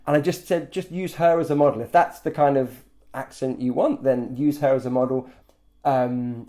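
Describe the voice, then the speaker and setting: Guy chatting about learning english, rambly with lots of ums, loose and easy. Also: mid-range voice. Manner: relaxed, rambling with many fillers. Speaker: English teacher. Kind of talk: casual chat.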